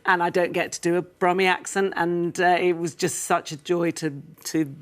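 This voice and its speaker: A woman, a guest actress on a chat show, explaining her role in a thoughtful, measured way. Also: fairly low pitch, fairly even intonation. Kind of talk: casual studio chat.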